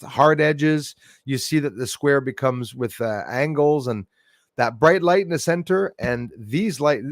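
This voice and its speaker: A man with a Canadian accent hosting a livestream, telling his story with animated exclamations that build to near shouts. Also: mid-range voice, dry recording, studio quality. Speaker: livestream host.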